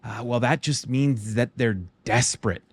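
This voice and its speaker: A man's voice: mid-range voice, steady tone, moderate pace, husky, dry recording. A man hosting a political commentary channel, speaking in an indignant, partisan way. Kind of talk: commentary voice-over.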